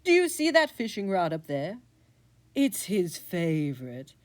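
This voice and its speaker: A huffy talking tomcat, played by a woman, complains dramatically about his grudge. His voice rises and falls lively. A storybook podcast creature. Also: on the low side, unhurried. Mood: scheming. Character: indignant vengeful male talking cat.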